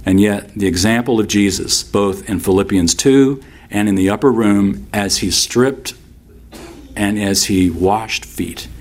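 Low-voiced man preaching a sermon. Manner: expository preaching, conversational asides. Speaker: pastor.

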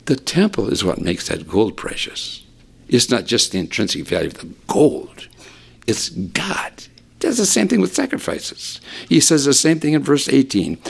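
At a moderate pace, a man delivers a lively sermon, rising in pitch to stress points and falling to near-whispers. There's vocal fry and a slight roughness, and he frequently repeats words when starting over.

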